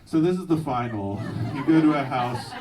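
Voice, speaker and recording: A young man doing a stand-up comedy set with a punchy, energetic delivery, laughing along. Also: mid-range voice, moderate pace, crowd noise. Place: live venue with audience. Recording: distant mic, noisy live room.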